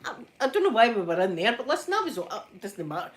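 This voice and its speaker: A Scottish woman chatting in a soft ASMR style, telling stories with plenty of giggles. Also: a little high, big pitch swings, quick pace. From Scotland. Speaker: vlogger. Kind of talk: ASMR chat.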